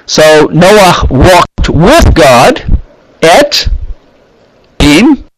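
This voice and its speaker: A man teaching scripture in an unhurried way, pausing often as he reads Hebrew phrases and explains them. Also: fairly high pitch, big pitch swings, a little hiss or hum, poor audio. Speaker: Bible teacher.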